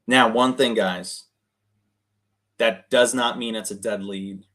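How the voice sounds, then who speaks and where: A man coaching cold callers in a chatty, energetic way, full of fillers and restarts. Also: fairly low pitch, slow pace, pauses often. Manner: acts out phone calls, shifting his tone to match others. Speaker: real estate investor coaching cold callers. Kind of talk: casual coaching talk on a video call.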